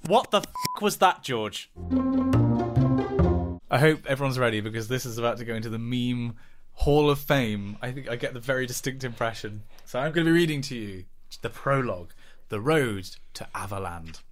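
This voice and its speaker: A man, a podcast co-host, in casual banter, incredulous and quick to laugh. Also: mid-range voice, animated, faint music behind.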